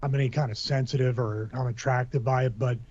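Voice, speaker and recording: A husky man rambles through a casual podcast conversation, stopping and restarting his sentences. He jokes as he goes. The recording sounds dull and lo-fi. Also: mid-range voice, steady tone, brisk, a little mellow. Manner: rambling, joking, with many restarts.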